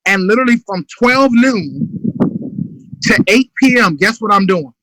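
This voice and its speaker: A man's voice: sits high, animated, a little slow, sharp tone, no echo, low-quality recording. A man giving a motivational business talk in an urgent, emphatic way, sometimes acting out sales calls. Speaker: motivational speaker.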